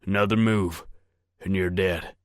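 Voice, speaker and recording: Audiobook: male narrator doing a curt, hard older farmer, low and slow. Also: fairly even intonation, dry recording, studio quality. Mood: stern.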